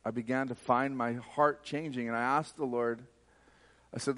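A man's voice: mid-range voice, little pitch movement, normal speed, a bit bright. A man preaching a sermon, fervent and emphatic, telling a personal story.

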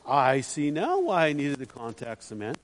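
A man's voice: mid-range voice, wildly swooping pitch, moderate pace. A man preaching a storytelling sermon in a chatty way, putting questions to the listeners. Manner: chatty, asks the audience questions. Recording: long hall reverb.

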